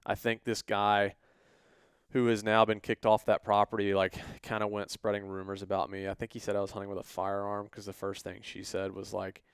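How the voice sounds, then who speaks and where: Lively man telling a story. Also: fairly low pitch, fairly quick, clear, resonant tone, dry recording, studio quality. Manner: animated, acts out quoted voices. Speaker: podcast co-host. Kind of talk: casual storytelling.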